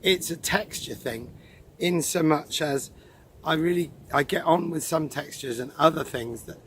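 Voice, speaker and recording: A man's voice: fairly high pitch, measured pace, fairly bright tone, a little hiss or hum. A man chatting casually in a rambling, self-deprecating monologue recorded outdoors in the countryside. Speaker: vlogger host.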